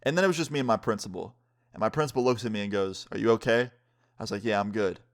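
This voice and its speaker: A man's voice: fairly low pitch, animated, very fast. A young man vlogger telling a story time in a laid-back, casual way, swearing freely.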